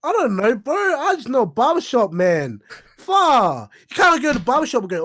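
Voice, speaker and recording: A man's voice: very high voice, very animated, moderate pace, fairly bright tone. A young man with a New Zealand accent chatting as a podcast guest, laughing, swearing and playful. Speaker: guest musician. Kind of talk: casual podcast chat.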